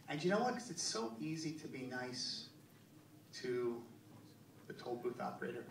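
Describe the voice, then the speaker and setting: A male comedian doing live stand-up, telling a story in an animated way and acting out the other people's voices. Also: mid-range voice. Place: live venue with audience. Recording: echoey room, distant mic, crowd noise.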